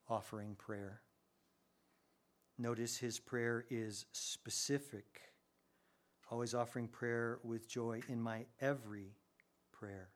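A man preaching a sermon, animated, with his voice rising sharply when he gets excited. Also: medium pitch. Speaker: pastor.

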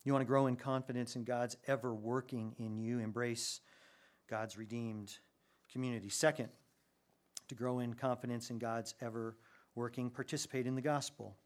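A man preaching a sermon, animated, with his voice rising sharply when he gets excited. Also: mid-range voice, moderate pace. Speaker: pastor.

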